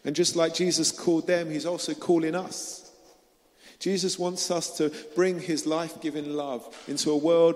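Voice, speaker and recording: A man's voice: a little high, steady tone, moderate pace, darkish tone. Earnest preacher man in a reverberant hall. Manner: earnest, questioning the listeners directly. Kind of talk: sermon.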